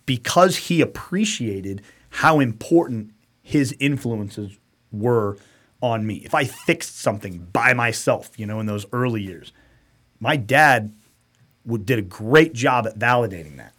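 A man's voice: mid-range voice, animated, measured pace, fairly bright tone, breathy edge. A middle-aged man hosting a casual podcast chat, blunt and profane, often slipping into quoted voices of other people. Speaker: podcast host.

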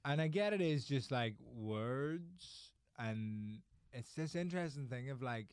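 A man's voice: mid-range voice, expressive, a little slow, smooth, no echo, clean studio sound. A man with a Northern Irish accent, a comedian chatting on a podcast in a sweary, wry way. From Northern Ireland. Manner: sweary, wry, jumps into bits with quoted voices. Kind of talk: casual podcast banter.

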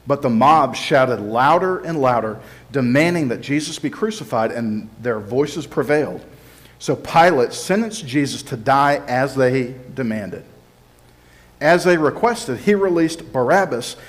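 A man preaching in a relaxed, conversational way, walking listeners through scripture step by step. His voice sits at an ordinary middle pitch. He explains things plainly and now and then slips into voicing the people in the story. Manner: explanatory, acts out crowd and Pilate quotes. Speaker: pastor. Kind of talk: conversational sermon.

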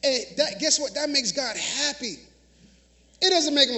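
A man's voice: very high-pitched, animated, a little slow, sharp tone. A man preaches in a church. He talks conversationally, then drives points home with emphatic repetition and questions thrown out to the congregation. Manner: emphatic, call-and-response preaching. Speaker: minister. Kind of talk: sermon.

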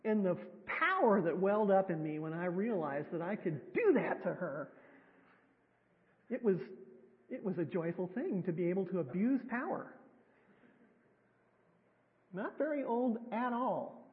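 A woman's voice: on the low side, expressive, normal speed. A woman preacher giving a sermon in a church, talking conversationally with wry, self-deprecating humor. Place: church sanctuary. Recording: tinny, echoey hall sound.

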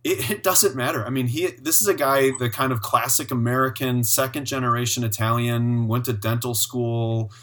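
Male host, mid-pitched, bright tone; warm storyteller energy. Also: steady tone, normal speed, few pauses. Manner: enthusiastic, storytelling, affirming. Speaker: podcast host. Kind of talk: conversational interview.

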